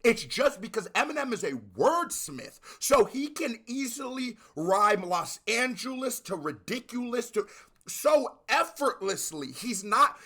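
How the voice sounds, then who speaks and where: A man hosting a music reaction video, talking casually and breaking into loud excited exclamations. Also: high-pitched. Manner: animated, bursts into shouted exclamations.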